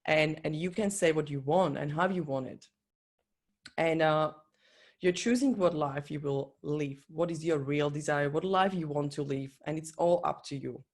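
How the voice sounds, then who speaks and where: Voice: medium pitch, normal speed. A coach giving an earnest, encouraging motivational talk in non-native English, speaking straight to the listener. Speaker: business and life coach.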